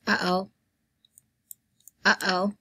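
A woman giving playful, rambling commentary while playing a game, her voice hoarse and she keeps clearing her throat. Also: medium pitch, level tone, drawn-out words, bright, forceful tone. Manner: chatty, playful, rambling with fillers. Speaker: gameplay vlogger. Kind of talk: casual gameplay commentary.

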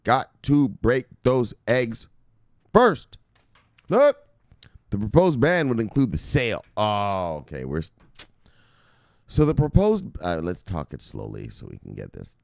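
A man's voice: lowish voice, huge pitch swings, moderate pace, creaky, no echo, clean studio sound. Profane, ranting male news host. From United States. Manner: loud, swearing, laughs at own jokes, swings from shouting to muttering.

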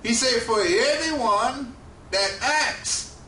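A high-pitched man with a preaches slowly and deliberately, his bright voice lifting and dropping for emphasis. He sounds set back from the mic in a roomy, echoing space with faint ambience behind. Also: lively intonation, slight background noise. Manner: slow, emphatic preaching with rising and falling cadence. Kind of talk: sermon. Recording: echoey room, mic at a distance, faint ambience.

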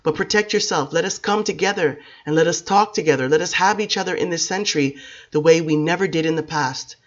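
A woman voicing an earnest, gentle and wary male vampire who pleads in an even tone. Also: on the low side, fairly quick, lo-fi sound, close to an everyday voice.

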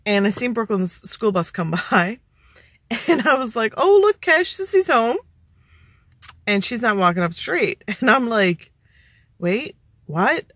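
A woman's voice: mid-range voice, a bit bright, dry recording, clean studio sound. A woman, chatting casually to the camera in a vlog and laughing often. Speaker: vlogger.

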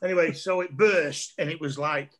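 A middle-aged man, talking in a fairly high register as he spins loose, rambling anecdotes. He laughs often through the telling, a comedian guest chatting over a video call. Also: fairly even intonation, normal speed, fairly bright tone, a little hiss or hum. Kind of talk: casual storytelling chat over a video call.

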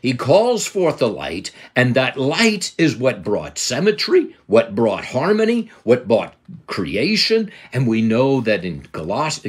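An older man with a slightly husky voice, giving a Bible lesson in an emphatic preaching cadence and quoting scripture. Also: mid-range voice. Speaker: Bible teacher.

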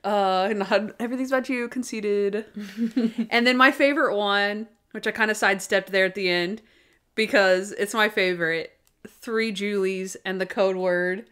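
A woman co-hosting a podcast, chatting casually about favorite moments. Her voice sits at an ordinary middle pitch. She is animated and laughs often as she retells things. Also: measured pace, clear, resonant tone. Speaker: podcast co-host.

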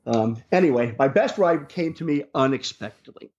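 A man's voice: medium pitch, lively intonation, moderate pace, a little mellow. A man working as a rideshare driver, telling stories in an interview in a rambling way, with many restarts and fillers. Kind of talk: casual storytelling in an interview. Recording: dull lo-fi sound.

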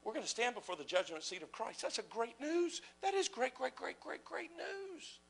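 A man preaching a passionate sermon, asking rhetorical questions and swinging between loud exclamations and hushed whispers. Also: very high voice, huge pitch swings, moderate pace, creaky, husky, low-quality recording. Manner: asks the audience rhetorical questions.

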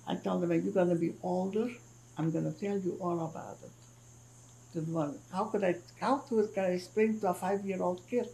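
In a recorded oral history interview, an older Hungarian woman who survived the Holocaust gives her testimony about her life. Her voice is on the low side, steady and gravelly with fry; she talks in halting bursts, restarts phrases, murmurs soft "mm-hmm"s, and takes on her family's voices when retelling what they said. The audio quality is poor.

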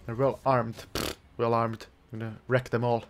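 A man's voice: mid-range voice, flat delivery, normal speed, slight background noise. Playful, jokey male gameplay commentator. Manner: playful, jokey, chuckling, mock-outraged swearing. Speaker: gaming channel host. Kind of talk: let's play commentary.

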